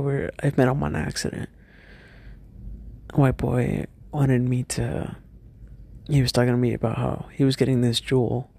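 A young man telling a personal story from his school days, hesitant and halting, often stopping and restarting. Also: medium pitch, vocal fry, dark tone, husky.

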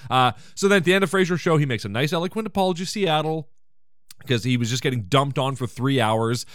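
A man's voice: mid-range voice, fast, fairly bright tone, no room sound, clean studio sound. A man hosting a casual comedy podcast, recapping an episode with rambling, sarcastic asides. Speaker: podcast host.

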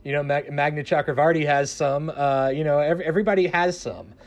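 Man, Southern-raised, slightly higher voice, hesitant, restarts often, conversational panel guest. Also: fairly quick, highs cut off. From American South. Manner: hesitant, many restarts and fillers. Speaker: public radio journalist guest. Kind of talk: casual panel discussion.

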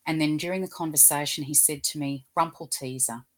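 A woman from Australia, a guest in an interview, telling gentle, animated stories about talking with animals. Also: deep voice, fast. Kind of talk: casual interview storytelling.

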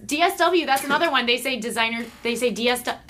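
A woman's voice: on the high side, fast, pushed and bright, a little hiss or hum. A woman guest on a comedy podcast, chatting casually in a rambling, giggly way, often stopping and restarting her sentences. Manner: giggly, rambling, self-interrupting.

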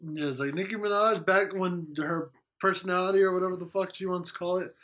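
A man's voice: high voice, steady tone, fairly quick, a bit bright. A man in casual podcast chat, talking in a rambling, joking way and swearing often.

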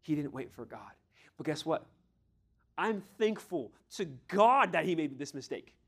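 Guy preaching a sermon, kinda high voice, gets loud then goes all hushed and whispery. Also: very animated, unhurried, breathy edge. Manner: emphatic, swings between loud exhortation and hushed near-whispers.

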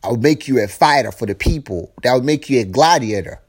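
A man voicing God as a calm, commanding deity who speaks in steady, measured pronouncements. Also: medium pitch, husky, pitched below the performer's own voice. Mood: solemn.

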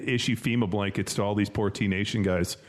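A man's voice: lowish voice, fairly even intonation, a little fast. A man co-hosting a podcast, joking and swearing in laid-back chat.

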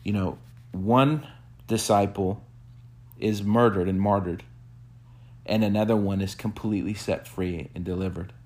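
A man preaching a sermon, telling a story with animated quoted bursts and soft hushed reflective asides. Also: measured pace, long pauses. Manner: animated storyteller, acts out quotes with sudden high-pitched bursts. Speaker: pastor.

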